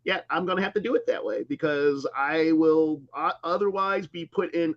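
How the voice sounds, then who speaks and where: A man in his fifties in casual chat, animated and quick to laugh. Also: fairly high pitch, no room sound, dull audio. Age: 50s.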